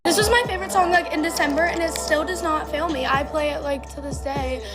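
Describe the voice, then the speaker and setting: A woman's voice: high-pitched, brisk. A teenage girl chatting casually while getting ready, filling her talk with "like". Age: teens. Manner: chatty, filler-heavy "like" talk. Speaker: vlogger. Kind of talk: get-ready-with-me chat. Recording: loud background music. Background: loud pop music.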